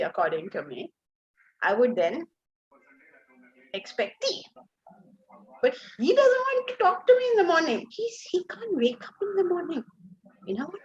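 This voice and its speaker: A high-pitched woman teaching a class, her voice leaping up and down as she throws rhetorical questions at her students. The recording is a little muffled and lo-fi. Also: a little mellow. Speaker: Vedanta teacher. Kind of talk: class lecture on scripture.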